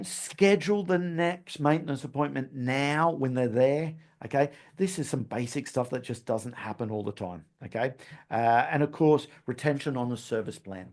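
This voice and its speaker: At a medium pitch and normal speed, a male podcast host runs through a recap like a chatty coach, adding "okay?" to his points. He laughs at his own stumbles.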